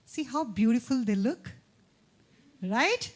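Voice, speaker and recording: Woman emcee, really high voice, upbeat, hypes up the crowd on a stage mic. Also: very animated. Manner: upbeat, coaxing, rattles off tongue twisters fast. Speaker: event emcee. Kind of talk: lively stage hosting. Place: campus event hall.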